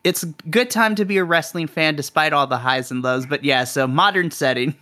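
Laughing enthusiastic game master. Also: male voice, on the high side, brisk, pushed and bright. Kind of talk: running a tabletop game session on a podcast.

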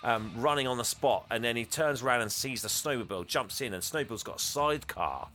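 A man's voice: medium pitch, fast. A man casually recapping a movie for laughs, acting out characters' lines in a raised voice. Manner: animated, acts out quoted lines with raised voice. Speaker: podcast host recapping a film. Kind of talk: casual comedic film recap.

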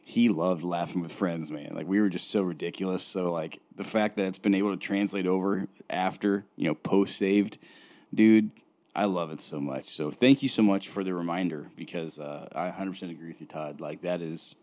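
Deep-voiced young man, laid-back chat. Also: steady tone, moderate pace, a little mellow. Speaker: podcast co-host. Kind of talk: casual chat.

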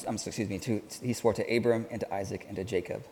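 A man preaching a sermon in an earnest, halting way, often restarting his sentences. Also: fairly low pitch, steady tone, warm tone. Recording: hall reverb with faint ambience.

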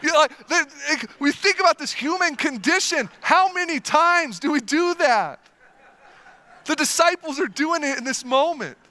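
A man preaching a sermon as a pastor. He is animated and emphatic, tells stories vividly and repeats words to stress a point. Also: extremely high pitch, moderate pace. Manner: animated and emphatic, with lively storytelling.

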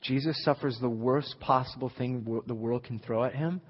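A young man preaching a sermon, emphatic, building to near-shouts at the high points. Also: normal speed, hardly any pauses, husky. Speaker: pastor. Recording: dull lo-fi recording in a reverberant hall.

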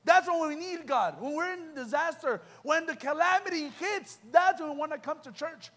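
High-voiced young man preaching fervently. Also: expressive, moderate pace, fairly bright tone. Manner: impassioned, rhetorical questions to the crowd. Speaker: youth preacher. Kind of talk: sermon. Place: church youth event.

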